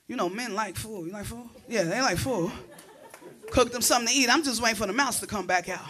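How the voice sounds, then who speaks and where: A woman performing stand-up comedy on a club stage, telling animated stories that break into shrieks and laughter. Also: fairly high pitch, fast, husky.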